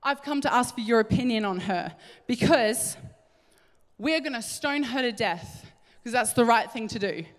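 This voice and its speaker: A woman's voice: on the high side, expressive, normal speed, long reverb tail, close to an everyday voice. A woman voicing pushy, self-righteous male religious leaders with a broad Australian accent during a sermon. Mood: indignant. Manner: brash, indignant.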